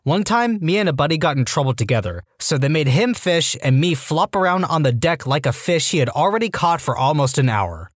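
A male narrator reads online stories in a scripted but animated way, dipping into quick character voices. His voice sits a bit high and moves a lot. The sound is dry and close, with no room around it. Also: dry recording. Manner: lively reading with voiced character quotes. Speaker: story narrator.

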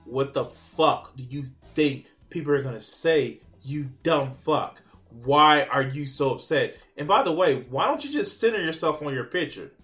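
Male reaction commentator, bright forceful voice, sarcastic and profane, exasperated delivery. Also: fairly high pitch, lively intonation, a little slow, few pauses, soft background music. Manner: mocking, exasperated, swears a lot.

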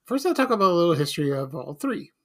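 Middle-aged man, podcast host, gravelly voice, slightly high, rambling, nostalgic. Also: big pitch swings, quick pace, a bit bright. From Chicago, USA. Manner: rambling and nostalgic, many fillers and restarts. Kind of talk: casual solo podcast monologue.

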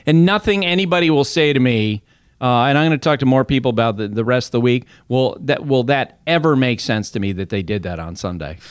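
A man's voice: mid-range voice, lively intonation, brisk, clear, resonant tone, no room sound, studio quality. A man talking baseball as an analyst on a casual podcast, telling stories conversationally, with restarts and laughs.

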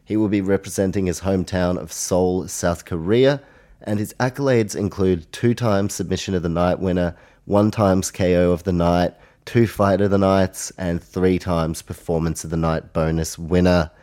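A man's voice: deep voice, steady tone, normal speed, warm tone. An Australian man hosting a solo podcast, talking casually through fight predictions with chatty asides. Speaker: podcast host.

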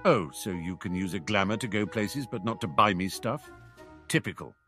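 A man's voice: on the low side, expressive, moderate pace, bright, forceful tone, soft background music. Man reading as a cheeky teenage wizard. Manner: teasing, mock-dramatic. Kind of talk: audiobook character reading.

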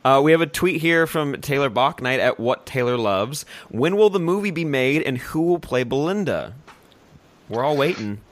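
A man hosting a podcast in casual chat, upbeat and quick to laugh. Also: mid-range voice, animated, no echo. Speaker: podcast host.

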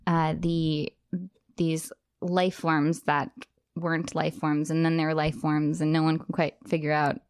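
A woman co-hosting a podcast in casual chat, teasing and quick to laugh. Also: sits low, little pitch movement, smooth, no echo, clean studio sound. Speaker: podcast co-host.

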